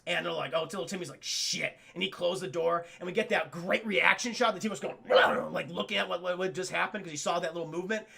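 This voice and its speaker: Brief: an excitable, foul-mouthed male reviewer talking to his live chat, with a bright, sharp voice. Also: high-pitched, fast, gravelly, hardly any pauses, husky. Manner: excitable, profane, retells scenes with acted quotes. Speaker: film review streamer.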